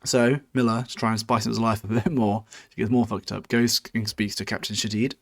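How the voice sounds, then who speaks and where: Low-voiced man rambling through a book recap. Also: little pitch movement, fairly quick, no room sound, studio quality. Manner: rambling, loose and sweary, with many restarts. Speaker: podcast host. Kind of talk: casual chapter-by-chapter book recap.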